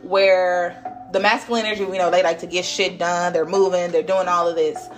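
A woman's voice: fairly low pitch, fairly even intonation, moderate pace. A young woman talks straight to her listeners in a loose, unscripted card reading. She is blunt and chatty, drops curse words freely and laughs easily, with faint music playing under her voice. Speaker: tarot reader. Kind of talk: casual spiritual reading.

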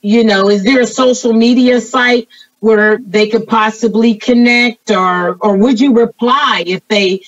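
A woman with a slightly high voice hosts an interview, asking questions and reflecting earnestly and at length. She is somewhat far from the mic, in a dry, dull-sounding recording. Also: fairly even intonation, no echo. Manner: earnest and thoughtful, drawn-out remarks. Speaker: interviewer host. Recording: dry, muffled audio from off-mic.

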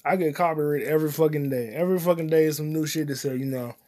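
A man hosting his own solo comedy podcast, cursing often and rambling while he eats popcorn, his voice swinging between loud outbursts and mutters. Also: quick pace. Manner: profane, loud swings in volume and pitch; eating popcorn while talking. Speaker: podcast host.

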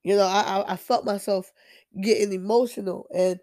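Gravelly woman giving an emphatic faith talk. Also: medium pitch, steady tone, normal speed, a little mellow. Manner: emphatic, repeats herself, stumbles and restarts. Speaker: Christian vlogger sharing testimony. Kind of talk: casual faith talk, preachy testimony.

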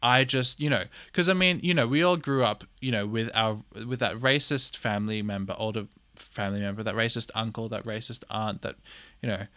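A man's voice: lowish voice, fairly quick, fairly bright tone, no echo. A man, hosting a solo opinion podcast, blunt and exasperated, swearing freely and repeating phrases for emphasis. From Australia. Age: 20s. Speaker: podcast host.

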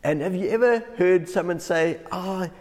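A man delivers a devotional sermon as a pastor, his voice sitting a little high for a man. He laughs lightly through his stories. The sound carries a long, lingering reverb, as if in a large hall. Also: normal speed. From South Africa. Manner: chuckles often while telling stories.

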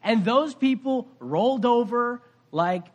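A pastor preaching a conversational sermon, telling a story with swings between loud and soft. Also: male voice, very high voice, animated, takes it slowly.

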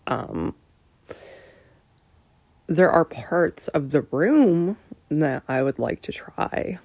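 Slow, gravelly, hesitant woman. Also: deep voice, animated, darkish tone, no room sound. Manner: hesitant, lots of pauses and fillers, drifting into breathy near-whispers. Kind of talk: candid answering of personal questions.

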